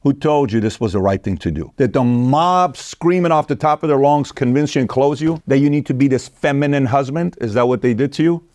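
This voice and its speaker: A man commenting in a motivational podcast style, emphatic and preachy, with quick asides. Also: mid-range voice, a little mellow, dry recording.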